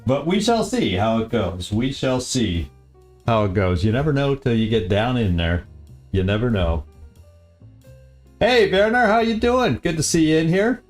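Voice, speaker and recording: A man's voice: on the low side, big pitch swings, moderate pace, darkish tone, faint music behind. A man hosting a live game stream, chatting casually and easily, often chuckling and repeating his phrases.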